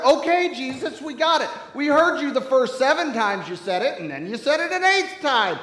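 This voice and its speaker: A man's voice: very high-pitched, big pitch swings, moderate pace, bright, forceful tone. A man preaching a sermon to his congregation in a church, playful and teasing as he talks straight to the people in the pews. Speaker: pastor. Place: church sanctuary. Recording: echoey church hall with long reverb.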